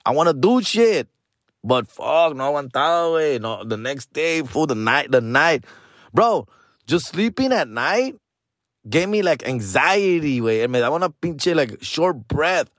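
A man's voice: a little high, very animated, unhurried, fairly bright tone, no echo, clean studio sound. Profane, rambling man. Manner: rambling, profane, mixes Spanish slang into English. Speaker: comedian and podcast host. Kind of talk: casual chat.

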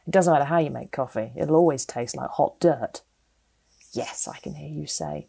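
A woman's voice: sits low, normal speed, creaky, warm tone, slightly rough. A middle-aged British woman with a British accent reading her opinion column aloud in a wry, sardonic, opinionated way. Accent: British English.

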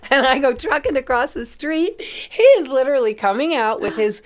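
Animated woman telling a story, laughing. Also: high-pitched, moderate pace. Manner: animated, laughing often, acts out quotes. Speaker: podcast guest. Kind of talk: casual storytelling.

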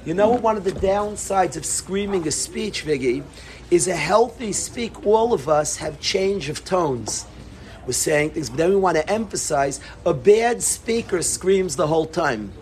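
A man giving a Torah lesson as a rabbi, animated, moving between soft talk and emphatic bursts, with Yiddish and Hebrew words mixed in. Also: sits high, unhurried, slight background noise.

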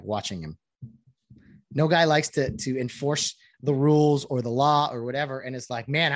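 Sarcastic, animated man ranting. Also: fairly high pitch, no room sound. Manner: sarcastic, animated, mimics others. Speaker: sports official commentator. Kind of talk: casual opinion monologue.

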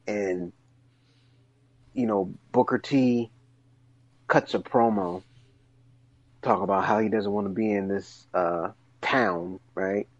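A man talks through a casual podcast in a lowish voice, getting animated as he tells a story and looping through long questions. The sound is dry and close but a little dull and lo-fi. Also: slow, pauses often, no room sound. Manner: animated storyteller, rises high when excited. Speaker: wrestling podcast co-host.

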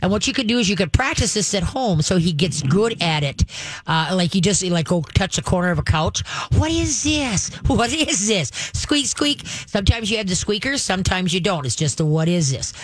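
A dog trainer giving chatty, coaching advice to a caller on a call-in show, with a quick laugh now and then. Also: medium pitch, animated.

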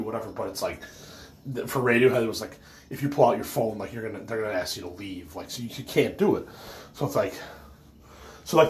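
A stoned man rambles through a story in a middle-pitched voice, loose and swearing, stacking filler words and losing his thread. He laughs at himself and apologizes as he goes, in a casual, unscripted vlog way. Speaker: autograph collector telling a story.

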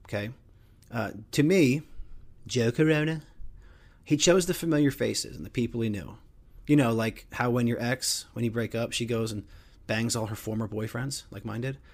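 Crude, joking middle-aged podcast host. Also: male voice, medium pitch. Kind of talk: casual sports talk.

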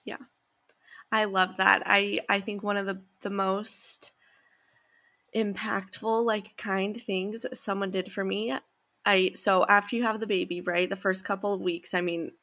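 A woman's voice: medium pitch, little pitch movement, a little slow, pushed and bright. A woman in her thirties hosting a casual interview, gushing and emotional as she talks. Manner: emotional, gushing, tearful at times. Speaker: host.

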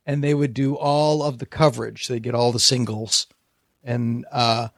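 A man telling lively anecdotes in a casual podcast chat. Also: mid-range voice, moderate pace, dry recording, studio quality. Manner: animated anecdote-teller.

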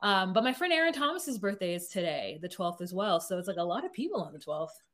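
A woman co-hosting a podcast, talking loosely and wryly. She drifts through her stories, with asides along the way. Her voice sits at a middle pitch. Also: big pitch swings, fast talker, fairly bright tone. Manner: chatty, wry, meandering storytelling. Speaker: podcast co-host. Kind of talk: casual chat recapping a reality show.

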